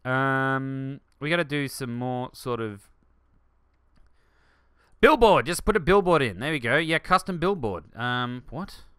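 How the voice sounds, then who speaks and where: A man hosting a let's play, rambling excitedly through gaming commentary and jumping to shouts. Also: medium pitch, clear, resonant tone, no echo, studio quality.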